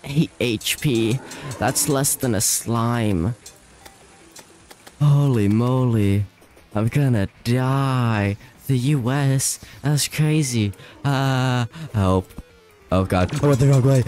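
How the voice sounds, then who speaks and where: A man's voice: mid-range voice, extremely slow, darkish tone, faint music behind. A man streaming a video game live, chatting loosely with viewers, often panicking and laughing. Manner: panicky, laughing, rambling to chat.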